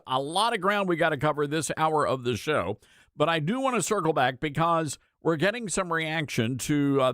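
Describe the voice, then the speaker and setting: A man hosting a talk radio show from a studio, mocking and sarcastic as he reads quotes aloud. His voice sits slightly high and swings widely in pitch. The sound is dry and close on the mic. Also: fairly bright tone, dry recording. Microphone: studio microphone.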